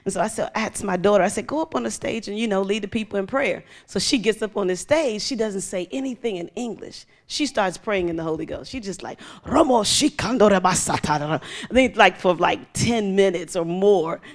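Animated woman pastor preaching. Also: mid-range voice, brisk, few pauses. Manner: animated storytelling, acting out voices with laughter. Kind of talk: sermon.

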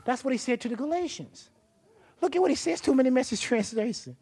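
A woman preaching a sermon with folksy, vernacular phrasing, building up to shouts. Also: high-pitched, fast talker, husky. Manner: animated, rising to shouts.

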